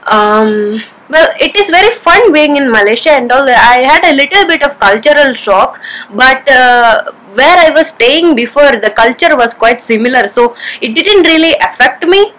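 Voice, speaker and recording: A woman from India's Kerala region talking casually to camera, telling stories in a chatty, giggly, animated way. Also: high voice, moderate pace, poor audio. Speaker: vlogger.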